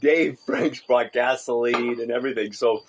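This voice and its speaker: A man's voice: medium pitch, normal speed, slight background noise, poor audio. A man co-hosting a casual podcast, telling stories animatedly and acting out the people in them with laughs. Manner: animated storyteller, acts out quoted teachers with shouts and laughs. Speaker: podcast co-host. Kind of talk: casual storytelling chat.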